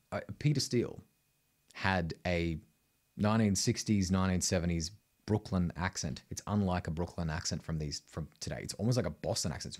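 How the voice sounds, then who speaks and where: Brief: middle-aged Australian male vocal coach, lowish voice, punchy and blunt. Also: a little mellow. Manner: emphatic, blunt, keeps adding "right?". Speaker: singing teacher. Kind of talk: vocal tutorial to camera.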